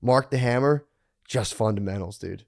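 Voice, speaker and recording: A man in his thirties co-hosting a podcast, telling excitable, crude stories full of swearing. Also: medium pitch, normal speed, gravelly. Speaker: podcast co-host. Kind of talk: casual chat.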